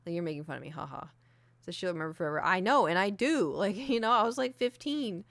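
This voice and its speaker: A woman's voice: fairly low pitch, fast, gravelly, fairly bright tone, dry recording, studio quality. A young adult woman streaming, chatting candidly and self-deprecatingly with lots of fillers. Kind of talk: casual chat. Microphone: desk mic with ring light.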